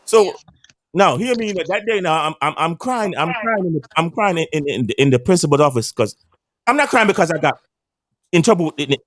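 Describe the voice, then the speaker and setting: Man, 50s, lively up-and-down voice sitting a bit high, rambling streetwise storyteller in a barbershop. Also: brisk, no echo. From Caribbean island. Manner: animated, repeats and restarts words, streetwise swearing. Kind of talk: casual storytelling.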